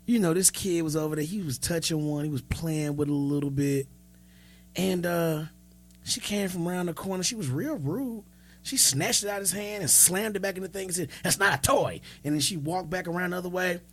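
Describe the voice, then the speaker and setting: A man in his thirties tells stories on a podcast in a lively, unfiltered way, voicing the people he quotes as he goes. His voice sits a little high for a man. He speaks casually, swearing freely. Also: brisk. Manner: animated storyteller who acts out quoted dialogue; frank and profane. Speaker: podcast co-host. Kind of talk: casual storytelling chat.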